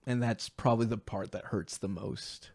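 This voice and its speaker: A young man telling an emotional personal story as a guest, earnest and halting, acting out the voices of the people in it. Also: fairly low pitch, steady tone, vocal fry, darkish tone, slightly rough, dry recording. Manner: earnest, acts out quoted voices, halting restarts.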